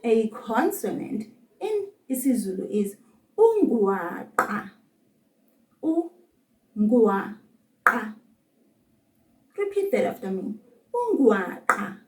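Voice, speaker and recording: A woman with a South African accent teaching a children's language lesson, encouraging and patient, saying words slowly for kids to repeat. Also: a little high, big pitch swings, warm tone, echoey room, far from the mic.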